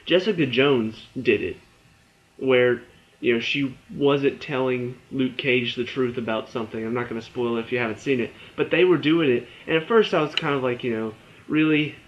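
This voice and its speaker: A man's voice: mid-range voice, moderate pace, lo-fi sound. A young man giving a casual spoken TV review, ranting in exasperation and stumbling over his words. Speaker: TV review vlogger.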